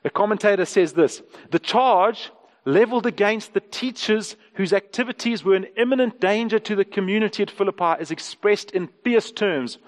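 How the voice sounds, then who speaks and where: A man preaching a sermon as pastor, emphatic and repeating words, rising in pitch for stress. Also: big-room sound.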